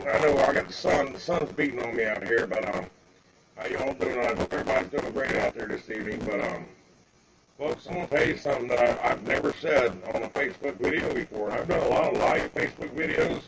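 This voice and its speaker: An older man ranting angrily on a live phone video outdoors in the bright sun, repeating himself and calling out to "folks". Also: medium pitch, vocal fry, noisy background. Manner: heated, repetitive, keeps calling out "folks". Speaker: livestreamer. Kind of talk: angry live-video rant.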